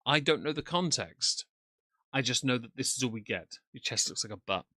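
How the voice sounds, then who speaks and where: A man's voice: mid-range voice, lively intonation, moderate pace, bright, forceful tone, dry recording. A man commenting sarcastically on a livestream from off camera. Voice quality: dry, mocking. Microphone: desk mic, off camera.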